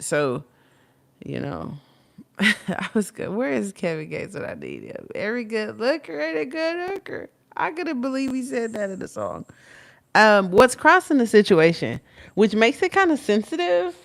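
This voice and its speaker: Rambling Texan woman reading tarot. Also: mid-range voice. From Texas. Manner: rambling, blunt and profane, with many asides. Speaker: tarot reader.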